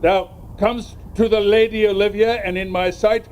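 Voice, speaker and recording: A man's voice: high-pitched, flat delivery, normal speed, a little mellow, a little hiss or hum, lightly acted. A man playing a jovial, scheming knight in an outdoor stage play, laughing as he plots. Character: jovial drunken knight Sir Toby. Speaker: community theatre actor.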